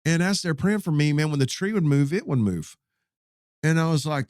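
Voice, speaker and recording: A pastor in his fifties telling a story in a casual interview, animated and folksy, often repeating his words. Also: on the high side, moderate pace, no room sound, studio quality.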